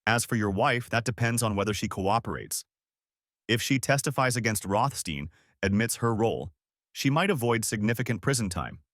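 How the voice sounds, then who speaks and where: Man voicing a weary female federal agent, matter-of-fact, low voice, dry audio. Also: lively intonation, normal speed, fairly bright tone, dry recording. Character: tired but satisfied female federal agent.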